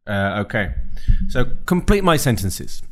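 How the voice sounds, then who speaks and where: A man hosting a casual podcast interview, reading out sentence starters slowly like a quiz. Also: lowish voice, very animated. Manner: quiz-style prompting, drawn-out sentence starters. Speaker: podcast host.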